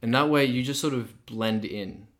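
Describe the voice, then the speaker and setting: A young man co-hosting a podcast, talking casually and thoughtfully with a croaky, sore voice. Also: medium pitch, moderate pace. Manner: thoughtful, rambling with restarts. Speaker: podcast co-host. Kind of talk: casual chat.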